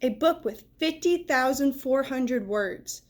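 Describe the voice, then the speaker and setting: A woman's voice: high-pitched, expressive, takes it slowly. A woman voicing a young schoolboy who pleads for cookies and drags his feet about reading, in a storybook read-aloud. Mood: glum.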